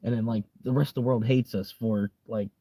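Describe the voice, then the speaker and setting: A young man from the United States talks loosely to his viewers, circling back on himself with fillers and laughing easily. His voice is mellow and dark-toned, recorded close and dry with no room sound. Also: medium pitch, fairly even intonation, fairly quick, dry recording. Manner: rambling, laughs often, many fillers. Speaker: livestream host. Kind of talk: casual livestream chat.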